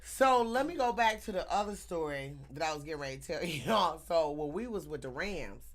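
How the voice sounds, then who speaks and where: A woman telling a story in casual chat, animated and laughing often, acting out the people in it. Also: low-pitched, a little fast. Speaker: teacher.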